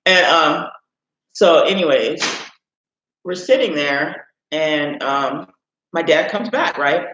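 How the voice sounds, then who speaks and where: A man with a fairly high voice, from Illinois, hosts a live stream and tells a long, meandering family story. He keeps looping back with "anyways" and "right?". The sound is dull and echoes around the room. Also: slow pace, a bit bright. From Illinois, USA. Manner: rambling, with frequent "anyways" and "right?". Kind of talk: casual storytelling.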